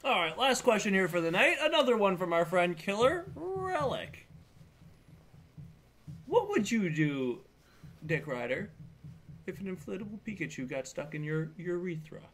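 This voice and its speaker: A man's voice: sits high, very animated, normal speed, pauses often, fairly bright tone, breathy edge. A man co-hosting a live stream, reading out viewer questions to a character. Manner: reads out chat questions to a character. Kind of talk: casual live stream chat.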